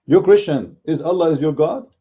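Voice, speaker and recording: A man with a very deep, mellow voice whose first language is Arabic, arguing in a blunt and combative way. He delivers casual commentary on a dull, lo-fi recording. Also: normal speed, husky. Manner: blunt and combative, speaks bluntly by his own account. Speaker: Christian apologetics commentator.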